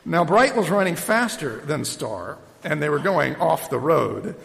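A man opens his sermon by reading a story, his voice sitting a bit high for a man. He tells it with lively energy and shouts the calls loudly, then slips into relaxed talk with a few fillers. The sound carries a long reverb, as in a large hall. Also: unhurried, gravelly. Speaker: preacher. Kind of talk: sermon opening with a story read aloud.

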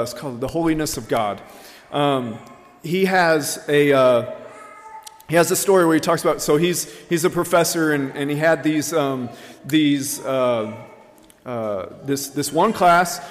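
A man with a slightly high voice preaches a sermon in a large hall. He tells a story earnestly, with frequent ums and uhs.

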